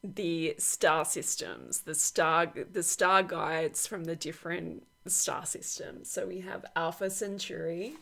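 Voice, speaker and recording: Slow, creaky-voiced chatty woman. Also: on the low side, expressive, a bit bright. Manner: chatty, rambling, laughs often, many fillers. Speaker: oracle deck author. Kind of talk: casual unboxing walkthrough.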